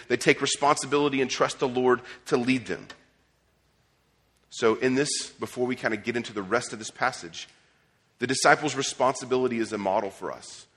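A man's voice: medium pitch, a bit bright, husky. A man preaching a sermon as pastor, conversational, with restarts and casual asides. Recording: long hall reverb.

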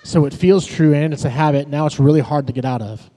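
Male pastor, conversational sermon, dark mellow voice, long reverb of a church hall. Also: fairly high pitch, quick pace. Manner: conversational preaching with personal stories. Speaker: pastor and worship leader. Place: church sanctuary.

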